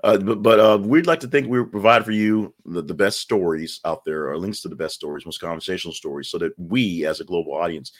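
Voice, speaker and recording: A man's voice: low-pitched, brisk, few pauses. A man hosting a daily news podcast, reading an ad and a rundown in a chatty, rambling way with wry asides. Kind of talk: casual news rundown and ad read.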